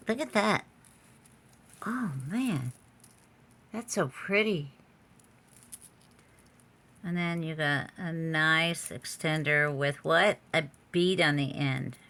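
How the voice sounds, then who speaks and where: An online jewelry seller talks in a low-pitched, slightly bright voice during a casual home vlog. Recording in a room with the door open, she's chatty, mutters under her breath, and exclaims a lot.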